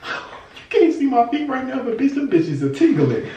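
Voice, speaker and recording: A man hosting a casual reaction vlog, animated and exclamatory, swearing freely and a little out of breath. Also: fairly high pitch, moderate pace, hardly any pauses, recorded from a distance. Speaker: YouTube host reacting to food videos. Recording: roomy, off-mic, faint hiss.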